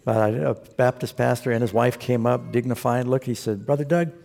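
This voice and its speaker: Husky-voiced preacher in a reverberant hall. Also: male voice, medium pitch, flat delivery, normal speed, darkish tone. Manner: earnest storytelling preacher, exhorting the congregation. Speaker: pastor. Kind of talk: sermon. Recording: long reverb of a large hall.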